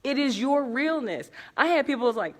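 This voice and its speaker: A woman's voice: high voice, expressive, normal speed, big-room sound. A woman coach talking casually and bluntly to viewers in a live video, cursing freely and laughing often. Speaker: speaking coach. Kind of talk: casual livestream talk to viewers. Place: hotel conference room at night.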